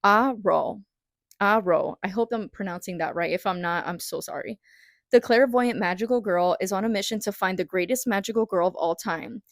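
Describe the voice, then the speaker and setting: Animated woman with a gravelly edge. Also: medium pitch, a little fast, no echo, clean studio sound. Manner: animated, dramatic retelling with quoted reactions. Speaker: book vlogger. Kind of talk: casual chat.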